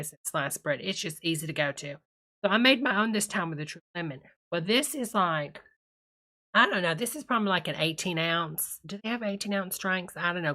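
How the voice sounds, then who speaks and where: A woman's voice: deep voice, bright, forceful tone. A woman playing a gushing, tipsy church lady who hosts a live stream, calling her viewers honey and drawling chatty asides. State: tipsy from a cocktail. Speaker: livestream host reading chat.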